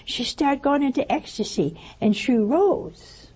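A woman giving a spiritual teaching talk, telling stories in an animated way with quoted dialogue. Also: high voice, measured pace, slightly rough. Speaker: religious speaker.

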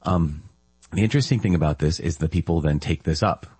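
A man's voice: deep voice, a little fast, darkish tone, breathy edge, no room sound. A man preaching a conversational sermon on scripture readings, laughing lightly and checking in with the listeners. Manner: conversational, with laughs and tag questions. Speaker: priest.

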